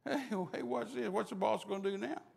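A man preaching voices a group of excited, chattering angels watching the scene with amusement. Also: sits high, a little fast, gravelly. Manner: chattering, laughing.

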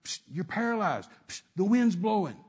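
A man's voice: sits high, sing-song, normal speed, a little mellow, breathy edge, exaggerated voice. A man doing a hissing shoulder devil. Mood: taunting. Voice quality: hissing whisper. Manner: sly, taunting. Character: whispering devil tempter on the shoulder, male.

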